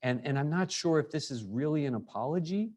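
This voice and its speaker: A man teaching a high school English lesson, talking in a loose, conversational way with frequent fillers and restarts. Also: lively intonation, a little fast, a little mellow. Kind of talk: recorded lecture.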